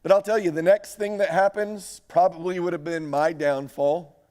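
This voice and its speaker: Lively man preaching a sermon. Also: high-pitched, normal speed. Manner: animated, asks the audience questions. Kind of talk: sermon lecture.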